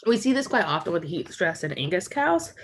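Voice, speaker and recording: A woman's voice: on the low side, big pitch swings, a little fast. A woman explaining a topic as a college lecturer in a recorded lecture, walking through slides and recapping key points.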